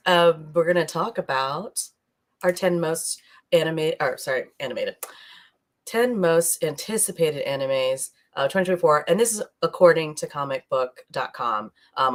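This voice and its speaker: A woman's voice: deep voice, expressive, moderate pace. A woman co-hosting a podcast in casual, rambling chat, laughing often as she talks. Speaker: podcast co-host. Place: streaming live.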